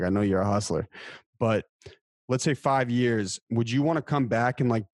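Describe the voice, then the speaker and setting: A man's voice: on the low side, no echo. Casual male podcast host, dry sound. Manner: relaxed, casual questioning.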